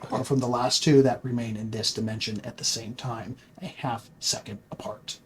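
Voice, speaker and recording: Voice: mid-range voice, fairly even intonation, normal speed, slight background noise. Reflective game master asking probing questions. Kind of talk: narrating a tabletop game.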